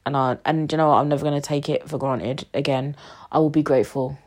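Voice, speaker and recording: A woman's voice: low-pitched, steady tone, fast talker, a little mellow. A woman, hosting a casual solo podcast while she is sick and upset. She rambles, with lots of fillers and some swearing. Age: 20s. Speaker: podcast host.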